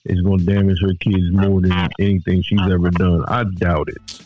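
A man's voice: low voice, flat delivery, normal speed, dry recording, soft background music. A laid-back man in a casual podcast chat, brushing things off. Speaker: podcast guest. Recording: dull, dry, lo-fi.

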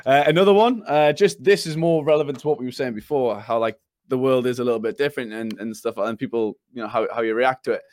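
A man's voice: mid-range voice, fast talker, a little mellow. A young man, chatting casually on a podcast, rambling and laughing often as he tells stories. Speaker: podcast co-host. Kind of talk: casual chat.

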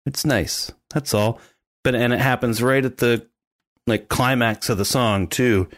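A man co-hosting a podcast in casual chat, animated and mimicking sounds as he describes scenes. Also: mid-range voice, a little slow, no room sound, studio quality. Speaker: podcast co-host.

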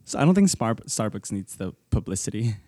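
A man's voice: lowish voice, very animated, fairly quick, dark tone, dry recording, clean studio sound. A young man co-hosting a casual podcast chat, teasing and exasperated, laughing often. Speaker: podcast co-host.

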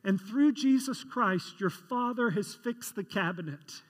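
A pastor preaches a sermon in a conversational way, telling stories and putting questions to the congregation. His voice sits high and is a little slow. A large hall adds long reverb.

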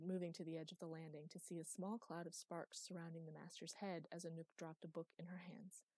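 Brief: female audiobook narrator, mellow low voice, dry close sound. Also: a little fast, hardly any pauses, no room sound. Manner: even storytelling read. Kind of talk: scripted fantasy narration.

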